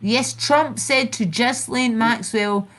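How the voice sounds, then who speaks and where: A woman's voice: on the high side, slow, a bit bright. A Scottish woman hosting a casual chat stream, rambling and swearing as she retells online feuds. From Scotland. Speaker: channel host.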